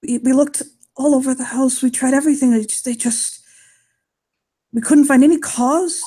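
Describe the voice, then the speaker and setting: A woman voicing a grieving, crude-mouthed elderly male werewolf guard in a tabletop game, speaking in halting, faltering phrases. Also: high voice, fairly even intonation, mellow. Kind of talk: in-character tabletop role-play.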